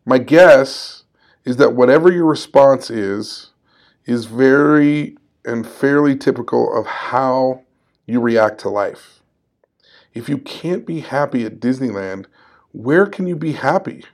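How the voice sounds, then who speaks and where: A man's voice: medium pitch, lively intonation, slow pace. A man in his forties hosting a solo podcast, talking in an upbeat, conversational and encouraging way and laughing at himself now and then. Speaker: podcast host.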